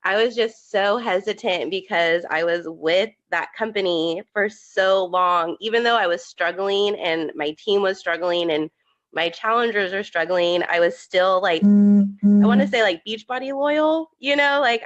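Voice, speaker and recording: A woman's voice: mid-range voice, a little slow, a bit bright, highs cut off. A young woman giving a tearful testimonial on a video call, talking with lots of "like" fillers. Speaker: new business promoter.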